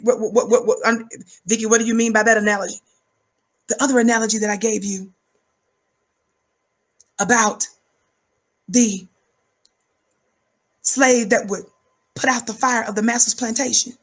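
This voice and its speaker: Woman commentator, high-energy preacher cadence, husky voice, pitched a bit high. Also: steady tone, normal speed, long pauses. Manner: emphatic, rhythmic, repeats words for effect; calls herself high-energy. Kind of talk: fiery preaching-style commentary.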